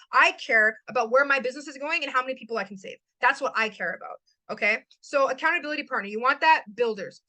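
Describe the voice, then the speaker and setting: A woman's voice: high-pitched, bright, forceful tone, no echo, poor audio. A young woman hosting a motivational talk to a live chat, emphatic and given to repeating lines for stress. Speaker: host.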